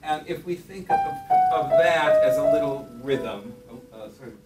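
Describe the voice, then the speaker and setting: A man's voice: on the high side, normal speed. A middle-aged man, a music professor, giving a classroom lecture in a thoughtful way, with many fillers and self-corrections. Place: classroom with piano. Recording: roomy distant classroom recording with piano.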